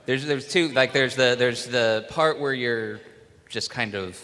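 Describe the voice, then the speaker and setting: Male moderator, slow and halting, with a bright edge to his voice, in a reverberant hall. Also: mid-range voice. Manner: halting, restarts questions.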